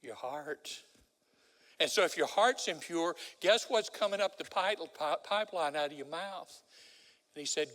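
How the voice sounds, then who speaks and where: Older preacher in a reverberant church. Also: male voice, fairly high pitch, animated, unhurried. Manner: dramatic storyteller, swings from loud to hushed. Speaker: guest preacher. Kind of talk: sermon with storytelling. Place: large church sanctuary. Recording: long hall reverb.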